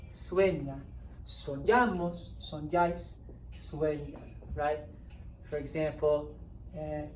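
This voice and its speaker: Brief: patient woman language teacher, low voice, slow delivery, recorded off-mic in an echoey room. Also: a little mellow. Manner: patient, explaining step by step, checks in with "right?". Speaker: Spanish teacher. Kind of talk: classroom grammar lesson. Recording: roomy echo, distant mic, faint hiss.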